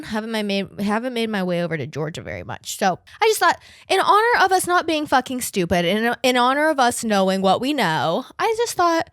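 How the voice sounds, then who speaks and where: A woman's voice: medium pitch, sing-song, brisk, no room sound, clean studio sound. A woman in her twenties hosting a podcast, chatting casually in a rambling, profane way. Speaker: podcast host.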